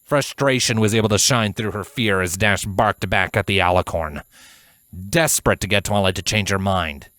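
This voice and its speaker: A man reads a fan fiction audiobook, keeping his storytelling measured and even. His voice leans low, and the recording is dry and studio quality.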